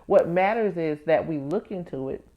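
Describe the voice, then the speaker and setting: A tax professional hosts her own casual podcast, speaking candidly to listeners as "baby" and "y'all" and voicing her own inner thoughts as she tells a story. Her voice is on the low side and animated, at a normal pace, in a muffled recording.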